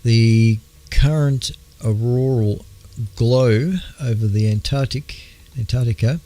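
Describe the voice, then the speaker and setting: An Australian man hosting an astronomy radio show, talking in a halting, casual way with many fillers, clearing his throat as his voice wears out. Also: medium pitch, fairly even intonation, mellow. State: losing his voice. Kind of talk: casual astronomy news talk.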